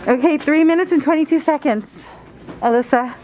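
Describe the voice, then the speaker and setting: A woman with a fairly high voice chats to her viewers as she walks through a big store, giggling often. Her handheld phone picks up clear store noise all around her. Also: brisk. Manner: chatty, giggly, addresses viewers. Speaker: vlog host. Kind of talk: casual vlog narration. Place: large store indoors. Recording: noisy store ambience.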